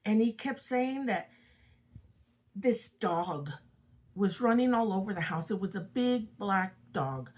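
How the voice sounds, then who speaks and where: A woman's voice: mid-range voice, lively intonation, slow pace, darkish tone, poor audio. An older woman casually retelling a spooky true story from her own family, chatty and dramatic. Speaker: storyteller host. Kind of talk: casual spoken ghost story.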